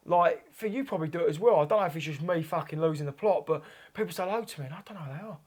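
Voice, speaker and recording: A man's voice: on the high side, very fast. A young man, a kickboxer guest on a podcast, chatting casually in a rambling way full of fillers and swearing. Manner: rambling, swearing, lots of 'like' and 'you know'.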